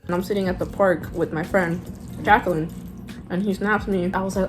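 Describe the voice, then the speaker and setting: A young woman vlogger telling a casual storytime, acting out quoted lines with quick asides. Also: medium pitch, steady tone, background noise.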